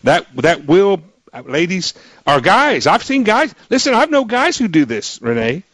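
A man's voice: high voice, sing-song, a little slow, a bit bright, dry recording. A male radio talk show host interviewing a guest in an emphatic, joking way, with frequent restarts. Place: radio studio.

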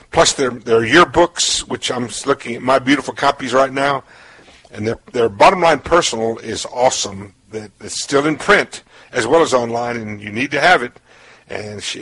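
A man's voice: medium pitch, a bit bright, breathy edge, low-quality recording. A man hosting a radio talk show, chatting casually and joking, repeating words as he starts his sentences.

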